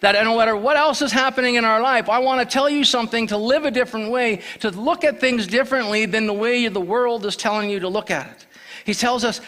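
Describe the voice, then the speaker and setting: A man's voice: sits high, fairly bright tone. A man giving a church sermon as guest preacher, telling plain stories with restarts and repeated words. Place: church sanctuary.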